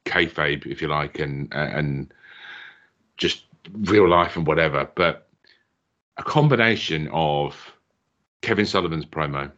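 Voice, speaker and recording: A man's voice: extremely low pitch, unhurried, pauses often, a bit bright. An easygoing man co-hosting a podcast, chatting casually about a wrestling show and laughing often. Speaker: podcast co-host. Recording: dull lo-fi mic.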